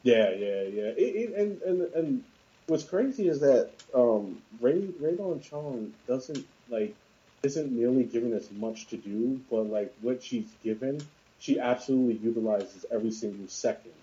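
A man's voice: mid-range voice, lively intonation, normal speed, mellow. A man chatting casually about films on a podcast, rambling with lots of fillers and restarts. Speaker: podcast co-host discussing films. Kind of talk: casual chat. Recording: dull lo-fi sound.

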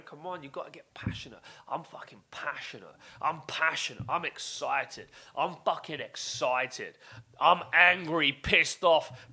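Intense, swearing motivational man. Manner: intense, swearing, repetitive exhortations; loud, shifting from shouts to low emphatic lines. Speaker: podcast host. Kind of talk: motivational monologue.

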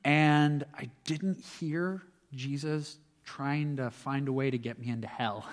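A man's voice: mid-range voice, fairly even intonation, takes it slowly. Earnest young man in a reverberant hall. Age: young adult. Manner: earnest, reflective, stumbles over words. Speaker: student speaker sharing faith. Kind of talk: personal testimony talk.

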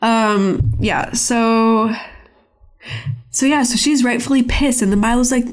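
A woman's voice: on the high side, steady tone, slow pace. A young woman hosting a casual podcast, recapping a cartoon episode in a chatty, filler-heavy way with some swearing. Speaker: podcast host.

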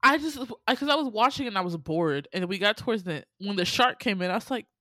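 A woman chatting casually about an animated series, animated in her telling, swearing and laughing often. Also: medium pitch, fast talker, no room sound. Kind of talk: casual chat reviewing an animated anthology.

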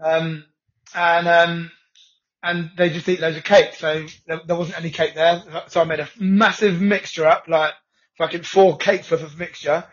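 A man co-hosting a podcast, chatting casually in a quick, rambling way and swearing freely. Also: on the high side, level tone, a bit bright. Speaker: podcast co-host. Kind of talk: casual chat. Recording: dull lo-fi audio.

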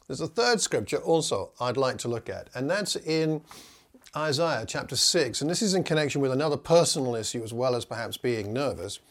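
A man of ordinary pitch teaches would-be preachers in an earnest, encouraging tone. When he reads scripture aloud, his delivery turns slow and measured, with a deliberate weight on each phrase. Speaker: preaching instructor. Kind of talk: teaching talk with scripture reading.

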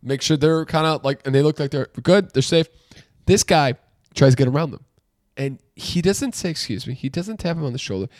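A man's voice: expressive, fairly quick, dry recording, studio quality. A man co-hosting a podcast, telling a story in a casual ranting way and swearing a lot. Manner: ranting, swears a lot, gets loud and high when worked up. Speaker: podcast co-host. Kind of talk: casual chat.

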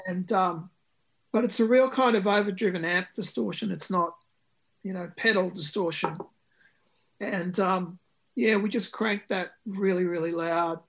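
A man's voice: high voice, measured pace, a bit bright. A man, a musician talking about his record in an interview, with many ums and restarts. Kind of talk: conversational interview.

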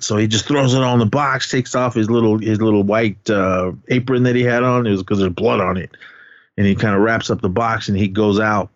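A man's voice: fairly low pitch, no echo, lo-fi sound. A man co-hosting a podcast, rambling through a casual movie recap and laughing as he goes. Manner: rambling, laughing, acts out quotes. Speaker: podcast co-host.

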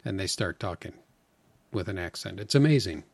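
A man's voice: sits low, expressive, normal speed, vocal fry, breathy edge, dry recording. A man co-hosting a podcast in casual chat, trading dry jokes and banter. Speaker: podcast co-host.

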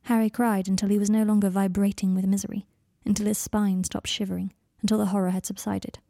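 A woman narrates a story in a measured, even voice. Her tone is mellow, with a gravelly edge. The reading is dry and close. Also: mid-range voice, no room sound. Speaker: audiobook narrator. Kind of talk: fan fiction audiobook narration.

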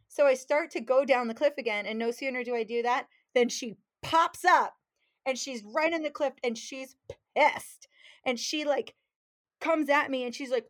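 Animated woman telling a fishing story. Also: high voice, moderate pace. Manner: animated, acts out quotes, laughs while telling. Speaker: fishing guide, podcast guest. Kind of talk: casual storytelling.

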